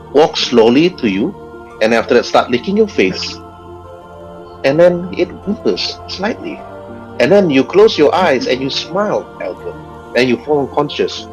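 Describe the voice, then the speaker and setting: A man's voice: mid-range voice, animated, unhurried, long pauses, faint music behind, rough recording. A man narrating as game master of a tabletop game, stretching words for suspense and laughing at his own jokes.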